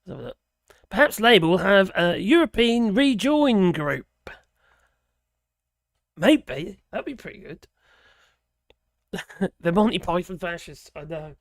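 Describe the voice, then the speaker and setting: A man with a hoarse voice, rambling and chuckling as he hosts a live stream and reads out viewer chat. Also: high-pitched, lively intonation, unhurried, pauses often, dry recording, clean studio sound. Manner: rambling, chuckling, trailing off mid-sentence. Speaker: livestream host reading viewer chat.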